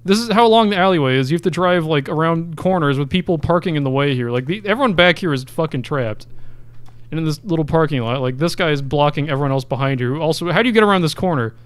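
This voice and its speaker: A man giving casual let's play commentary in a somewhat high voice. His pitch swings widely as he reacts, and he chatters at the game, swears freely and laughs along the way. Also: quick pace, smooth, no room sound. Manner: animated, swears and laughs often, talks to the game. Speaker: gaming video creator.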